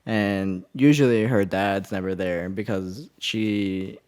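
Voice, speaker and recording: A man's voice: deep voice, steady tone, slow pace, a little mellow, smooth. A young man co-hosting a podcast, telling a story in a casual chat with lots of laughs and casual swearing. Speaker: podcast co-host.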